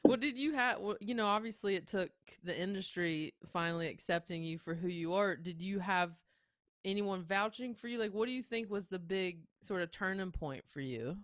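A woman with a deeper voice, hosting a casual interview and joking along with her guest. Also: normal speed, fairly bright tone, no room sound, clean studio sound. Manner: laughs easily, jokes along. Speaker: host.

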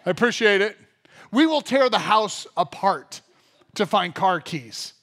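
A male pastor with a high voice preaches to his church. He tells funny everyday stories and acts out the people in them, then moves into the scripture. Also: a little slow. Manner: animated storyteller, acts out funny everyday scenes. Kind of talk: sermon. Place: church service.

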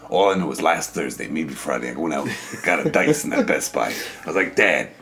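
A man spins absurd, swear-laden tall tales while co-hosting a let's play. His voice is extremely deep and gravelly, yet his pitch swings widely. Faint music sits behind him. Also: animated, fairly quick. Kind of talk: comedic storytelling while gaming.

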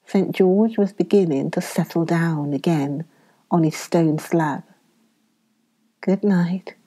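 A woman reading a children's story aloud, slow and gentle. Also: low voice, breathy edge.

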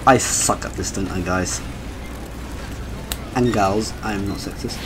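A man's voice: on the low side, a little slow, background noise. A man doing casual gameplay commentary, joking and rambling and swearing often.

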